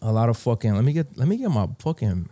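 A man with a New York accent telling a casual story, slangy and animated, acting out the dialogue. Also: medium pitch, fast talker. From New York (Bronx).

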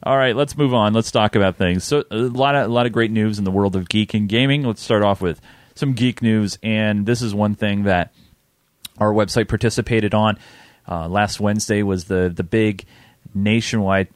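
A man's voice: fairly low pitch, steady tone, moderate pace, dry recording. A man in his thirties hosting a podcast, rambling a little and laughing easily, on a close desk mic. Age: 30s. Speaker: podcast host. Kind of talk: casual chat.

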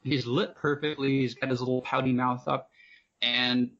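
A man's voice: mid-range voice, little pitch movement, moderate pace, fairly bright tone. A man appearing as a podcast guest, talkative and digressive in casual chat. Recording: dull lo-fi sound.

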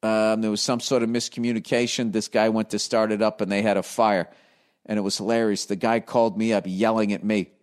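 A man's voice: lowish voice, level tone, fairly quick. A middle-aged man with a profane, ranting, self-deprecating manner, telling a casual comedic story.

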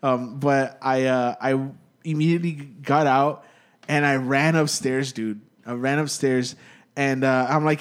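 A man's voice: medium pitch, moderate pace. A young man telling a spooky story to friends in casual chat, rambling and profane, full of "dude" and restarts.

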